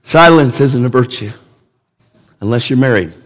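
Male preacher, mid-pitched voice, emphatic and chatty, repeats words for weight, big hall echo. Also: lively intonation, normal speed, a little hiss or hum. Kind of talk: sermon. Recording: long reverb of a large hall.

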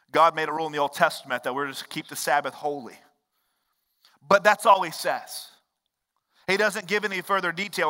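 A male pastor delivers a sermon in a high, bright voice. He swings from loud exclaims to quiet low lines and acts out the voices of the characters he quotes. The sound carries the long reverb of a large church hall.

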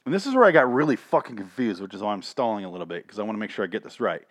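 A man's voice: lowish voice, sing-song, racing, no echo. A man recapping a cartoon in a crude, rambling comedic rant that grows exasperated.

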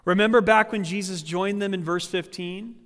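A man preaching a sermon as pastor, animated and conversational, sometimes acting out quoted voices. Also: high-pitched, normal speed, in a large hall. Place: church sanctuary.

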